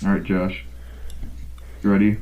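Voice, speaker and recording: Young guy hosting over a call, real deep voice, kinda muffled lo-fi sound. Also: flat delivery, a little slow. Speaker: podcast co-host asking rapid-fire questions. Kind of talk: casual chat over a call. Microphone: call audio. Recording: dull lo-fi call audio.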